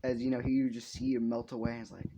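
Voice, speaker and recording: A man's voice: medium pitch, monotone, fast, dark tone, highs cut off, slight background noise. A young man casually making up a story as he goes, rambling, swearing often and laughing at his own jokes.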